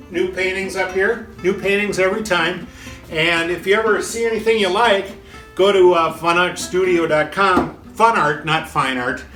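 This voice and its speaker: A man's voice: fairly high pitch, fairly bright tone. A man hosting a casual pub chat, telling jokes in a rambling, folksy, self-deprecating way. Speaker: host. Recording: echoey room with faint guitar.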